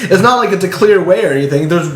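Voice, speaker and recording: High-voiced man telling a rambling story. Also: lively intonation, fast talker, fairly bright tone, reverberant. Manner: rambling, laughs often. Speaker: podcast co-host. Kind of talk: casual chat, storytelling.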